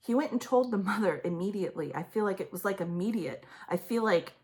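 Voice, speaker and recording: Intense woman giving a psychic reading. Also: medium pitch. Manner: intense, halting, trails off and restarts. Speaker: psychic reader. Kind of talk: intuitive reading on video.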